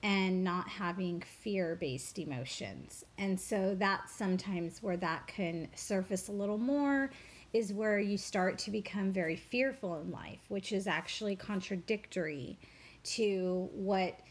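A woman's voice: mid-range voice, measured pace. Woman, spiritual teacher, interview guest, earnest, reflective, fillers and repeats. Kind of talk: personal storytelling in an interview.

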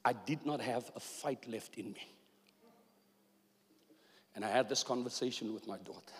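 A husky man in his fifties, mid-range in pitch and speaking at a normal pace, preaches a sermon with impassioned delivery, quoting God's words aloud. He is a pastor, and the church hall gives the recording a long reverb.

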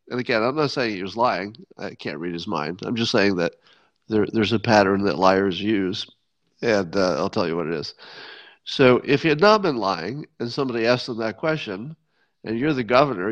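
A podcast host gives casual solo commentary in a lowish, animated voice at normal speed. He's wry and sardonic and often restarts his sentences. The recording sounds dull and lo-fi.

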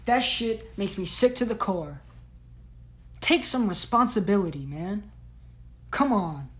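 A woman's voice: medium pitch, animated, slow pace, a bit bright. A woman hosting a solo podcast, giving blunt, profane, slang-heavy tough-love talk. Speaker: podcast host.

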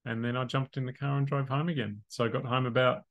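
Brief: relaxed man, mid-pitched, halting casual talk as co-host. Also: dull audio. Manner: easygoing, halting, many fillers. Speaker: podcast co-host. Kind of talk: casual chat.

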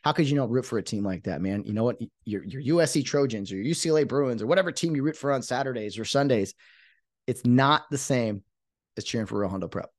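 A fired-up man hosts a podcast in a dry, close recording, his pitch sitting in a middle range. He talks emphatically and rambles, restarting his sentences as the energy carries him. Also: lively intonation, quick pace, no room sound. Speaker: podcast host. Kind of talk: excited podcast monologue.

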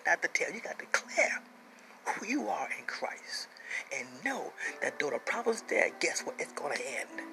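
A man preaching a sermon, emphatic, repeating phrases and dropping into hushed whispers. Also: a little high, vocal fry, background noise.

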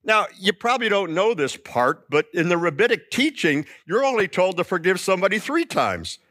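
A man preaching a sermon with a voice that swoops up and down as he tells the story. His pitch sits a little high for a man, and the sound is close and dry. He acts out the quoted lines with lively emphasis. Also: normal speed, no room sound. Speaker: pastor.

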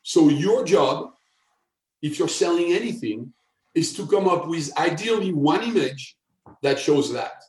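A man, a guest expert, explaining step by step with examples and often checking in with a quick tag question. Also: on the high side, lively intonation, darkish tone. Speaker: guest, sales persuasion expert. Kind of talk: explanatory interview talk. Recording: echoey room.

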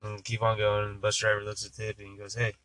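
A man's voice: on the low side, monotone, fast, fairly bright tone, low-quality recording. A man co-hosting a casual podcast who tells jokes in a rambling, profane way with many fillers. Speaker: podcast co-host. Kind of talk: casual chat and joke telling.

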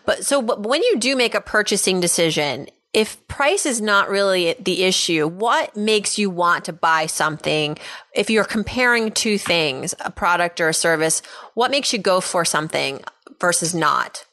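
A woman hosting a podcast interview, asking questions in a friendly way with quick asides. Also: lowish voice, lively intonation, bright, forceful tone. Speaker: podcast host.

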